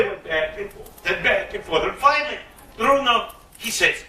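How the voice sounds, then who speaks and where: Male storyteller, high bright voice, playful bawdy delivery, echoey room, mic far off. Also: expressive, moderate pace, slight background noise. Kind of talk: live storytelling performance. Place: live concert venue. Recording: roomy echo, mic at a distance.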